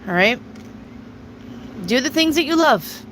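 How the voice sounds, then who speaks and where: A woman's voice: high voice, expressive, measured pace, fairly bright tone, a little hiss or hum, rough recording. A woman hosting a casual live tarot reading, chatty, reading viewer questions aloud and answering them. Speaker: tarot reader.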